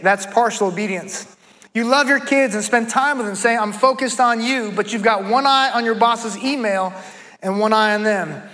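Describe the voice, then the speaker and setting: A man's voice: very high voice, a bit bright. A man preaching to a congregation, repeating a refrain and challenging his listeners directly. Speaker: pastor. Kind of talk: sermon. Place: church before a congregation.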